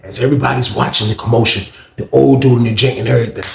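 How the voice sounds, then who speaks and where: A man's voice: medium pitch, fairly even intonation, very fast, gravelly, echoey room, a little hiss or hum. A man telling a casual storytime, slangy and talking to viewers while acting out the scenes.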